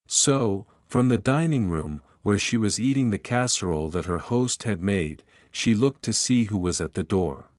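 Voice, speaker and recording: Low, dry male storyteller. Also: lively intonation, normal speed, hardly any pauses, darkish tone, dry recording. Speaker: narrator. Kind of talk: scripted fan-fiction narration.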